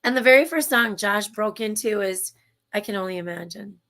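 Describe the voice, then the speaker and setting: Her medium-pitched voice has a fairly bright tone and moves at normal speed. She's a livestream show co-host with a Minnesotan accent, chatting casually and enthusiastically over a video call while rambling and restarting.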